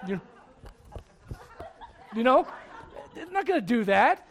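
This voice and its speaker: A male pastor delivering a sermon in a notably high voice. He presses his points with rhetorical questions and moves from loud urgency to a hushed, grave tone. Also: big pitch swings, slow pace, a faint crowd. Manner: emphatic, many rhetorical questions; swings between loud urgency and hushed gravity.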